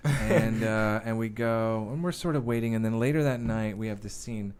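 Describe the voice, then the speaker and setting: A man with a fairly low voice talks as a guest in a podcast studio. He tells his stories casually and with energy, and now and then he acts out the moments he describes. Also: normal speed, darkish tone, clear, resonant tone. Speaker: actor and filmmaker guest. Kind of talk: casual interview storytelling.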